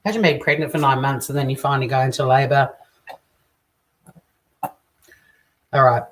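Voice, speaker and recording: A woman's voice: extremely low pitch, fairly even intonation, moderate pace. An Australian woman hosting a casual live cooking stream, chatting, joking crudely and reading out viewer comments as she cooks. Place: home kitchen. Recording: distant mic with faint kitchen clatter. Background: clinking dishes and cutlery.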